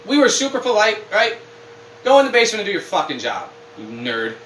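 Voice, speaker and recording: A man's voice: sits high, brisk, far from the mic, slight background noise. A man co-hosting a casual podcast, rambling and swearing as he rants. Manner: rambling, profane, animated ranting. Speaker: podcast co-host. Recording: roomy echo with faint ambience.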